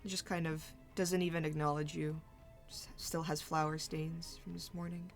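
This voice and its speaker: A woman narrating a tabletop role-playing game as game master, halting and searching for her words as she describes scenes. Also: low voice, little pitch movement, faint music behind.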